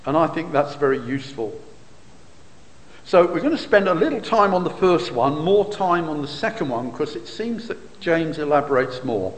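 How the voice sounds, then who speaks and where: Animated high-voiced man preaching a sermon. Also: normal speed. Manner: expository, rhetorical questions, occasional fillers. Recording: reverberant hall.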